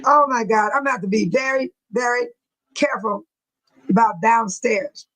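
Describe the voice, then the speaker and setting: In a rough recording from a home room near a bathroom, a middle-aged California woman hosts a relaxed livestream, laughing frequently and greeting viewers by name. She speaks at normal speed in a slightly high, slightly bright voice.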